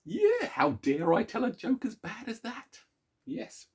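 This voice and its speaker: A middle-aged man hosting a daily song video series, chatting casually to camera in a soft, chuckling, self-mocking way. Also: extremely high pitch, huge pitch swings, a little slow, slightly rough.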